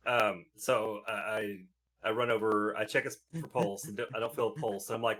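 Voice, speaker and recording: A man playing a tabletop role-playing game, with a bright, edgy tone. He describes what his character does in halting bursts, full of fillers and restarts. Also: on the low side, fairly even intonation. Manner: hesitant, many fillers and restarts while describing actions. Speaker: player.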